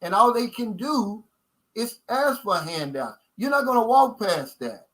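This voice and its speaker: A man's voice: high voice, sing-song, a little slow, fairly bright tone, rough recording. A man with a Kentucky accent hosting a casual livestream chat, emphatic and folksy, repeating his key points and calling viewers guys. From United States. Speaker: channel host.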